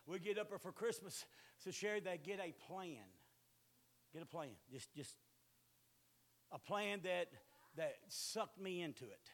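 A high-pitched man in his sixties preaching a sermon. He tells homely stories in a folksy drawl, then climbs into loud, hollering exclamations. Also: moderate pace.

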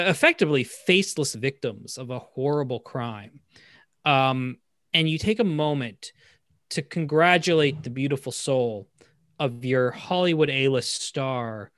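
A man co-hosting a film discussion podcast, talking casually with many fillers and restarts, getting animated as he criticizes. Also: medium pitch, dry recording, clean studio sound. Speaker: podcast co-host. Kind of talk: casual film review chat.

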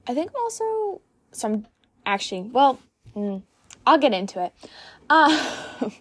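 Young female solo podcast host, hyped and giggly, rambles, slightly high pitch. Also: big pitch swings, measured pace, breathy edge. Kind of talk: solo casual chat.

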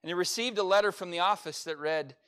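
A man's voice: sits high, quick pace, sharp tone, clear, resonant tone. A middle-aged man preaching a sermon as pastor, reading scripture and adding folksy, humorous asides. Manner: folksy, humorous asides with playful mock voices.

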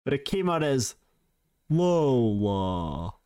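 A man's voice: a little high, expressive, normal speed, a little hiss or hum. A man co-hosting a podcast, reading prepared facts in casual, joking banter with his co-host. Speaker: podcast co-host presenting trivia.

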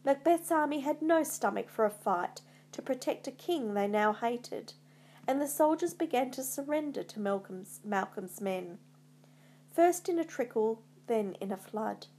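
A woman reading a retold classic tale aloud as a storyteller, in a measured storybook manner. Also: a little high, lively intonation, dark tone.

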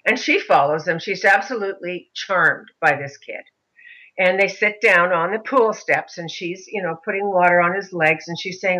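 Lively middle-aged woman telling a story. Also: lowish voice, moderate pace, highs cut off. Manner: animated, mimics other voices in anecdotes. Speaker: mother of a son with a disability. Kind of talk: interview storytelling.

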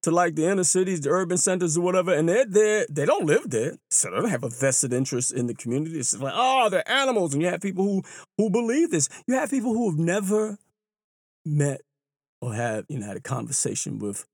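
A man telling stories in a casual monologue, animated and acting out the voices of other people. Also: a little fast, no room sound, studio quality. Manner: animated, mimics bystanders with exaggerated pitch jumps. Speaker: runner and storyteller. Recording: clear hip hop music behind the voice.

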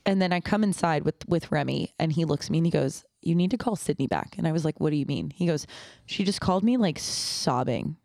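Rambling young woman, lower voice. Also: brisk, gravelly, no echo, studio quality. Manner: rambling, lots of "like", animated retelling of stories with quoted voices. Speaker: podcast co-host. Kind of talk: casual chat.

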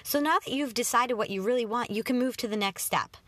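A woman's voice: fairly high pitch, fairly quick, fairly bright tone, no room sound. A woman in her twenties hosting a self-help podcast in a chatty, self-deprecating way with many fillers. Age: 20s. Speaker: podcast host. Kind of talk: casual self-help talk.

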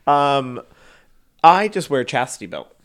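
Young man, podcast co-host, giggly, rambling, mid-pitched. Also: sing-song, measured pace, fairly bright tone. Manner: giggly, rambling, many fillers and restarts. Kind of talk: casual chat.

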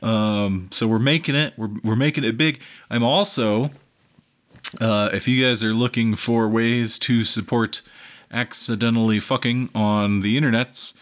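A man's voice: medium pitch, steady tone, measured pace. A young man co-hosting a podcast, rambling and joking with plenty of swearing, sharing one microphone with his co-host. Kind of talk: casual podcast banter. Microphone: one shared microphone. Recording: dull lo-fi sound.

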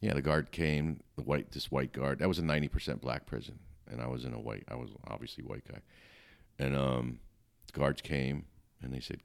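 Middle-aged guy, super low gravelly voice, blunt streetwise storyteller. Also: fairly quick. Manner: blunt, streetwise, matter-of-fact. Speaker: podcast guest, comedian. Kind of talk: casual storytelling chat.

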